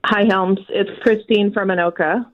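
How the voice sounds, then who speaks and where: A woman's voice: mid-range voice, steady tone, normal speed. A woman from Minnesota calling into a radio show, friendly and confiding, laughing now and then. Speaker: caller. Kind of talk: phone-in chat. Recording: tinny phone line.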